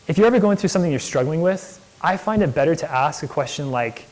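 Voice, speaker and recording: A young entrepreneur delivers a relaxed guest lecture to students in a lecture hall, telling stories with enthusiasm and lots of casual "like" fillers. His voice is a bit higher than most men's, he talks fast and chattily, and the recording is rough.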